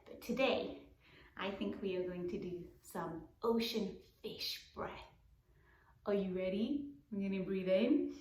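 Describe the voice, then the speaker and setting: A woman teaching a children's circle time lesson in a gentle, encouraging way, sometimes dropping to a whisper. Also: mid-range voice, a little hiss or hum. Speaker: preschool teacher. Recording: roomy echoey room.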